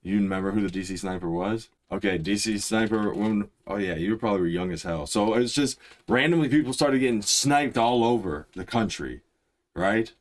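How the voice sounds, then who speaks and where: Young male reaction host, very low voice, rambling and excitable, keeps restarting sentences. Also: normal speed. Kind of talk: casual reaction commentary.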